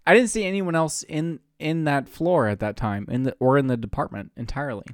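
A man's voice: mid-range voice, a little fast, no echo, studio quality. A young man from the Pacific Northwest, co-hosting a podcast, telling a story in a casual way, laughing often and swearing freely. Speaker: podcast co-host.

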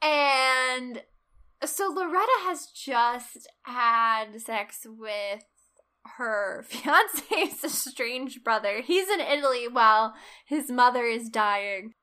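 A woman co-hosting a casual chat, retelling a film's plot in animated detail and acting out the characters' lines. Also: a little high, slow, smooth. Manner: animated storyteller, acts out quotes, laughs often. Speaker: podcast co-host. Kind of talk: casual film recap chat.

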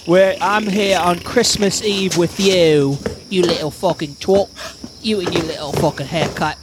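A man's voice: high-pitched, steady tone, measured pace, background noise, voice pushed down. A man doing a crude, profane impression of a male rock star, taunting someone over a music video. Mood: mocking.

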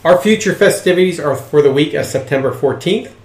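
A man hosting a podcast, reading out dates and sign-offs in a steady, plain way. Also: fairly high pitch, brisk, echoey room. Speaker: podcast host. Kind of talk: casual chat and reading out listings.

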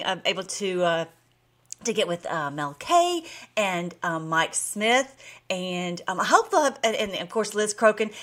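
A woman's voice: medium pitch, sharp tone. A woman hosting her own video blog, chatting casually and bubbly with her viewers and laughing often. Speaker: vlog host.

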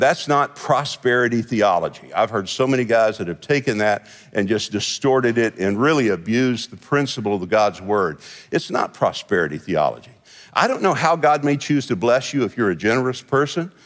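Folksy pastor with a lively voice. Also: male voice, medium pitch. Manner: folksy, storytelling, laughs often. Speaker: senior pastor. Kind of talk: conversational sermon with humor. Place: church sanctuary. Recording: long hall reverb.

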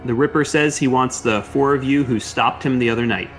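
A man's voice: medium pitch, fairly quick, soft background music, lightly acted. A man voicing an honest, long-serving male police detective in a tabletop game, speaking plainly.

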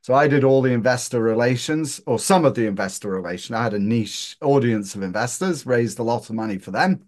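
A man's voice: mid-range voice, lively intonation, brisk. Joking Northern English man, guest. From Northern England. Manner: joking, self-deprecating storyteller. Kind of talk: casual interview chat.

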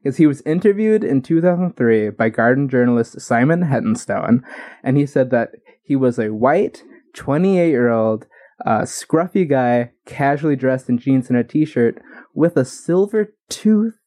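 A man co-hosting a casual podcast chat, telling stories in an animated way and laughing often. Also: mid-range voice, a little slow. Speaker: podcast co-host.

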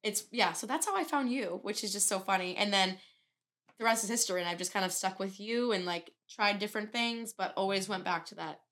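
A woman's voice: medium pitch, a little fast, a bit bright. A woman hosts a podcast in a casual chat. She talks in a gushing, effusive way. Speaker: podcast host.

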